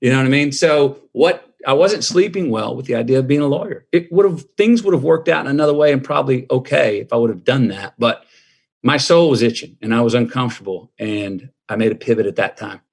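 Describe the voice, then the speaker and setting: A middle-aged man, a guest in an interview, telling his story in a reflective, drawn-out way. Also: mid-range voice, gravelly, husky.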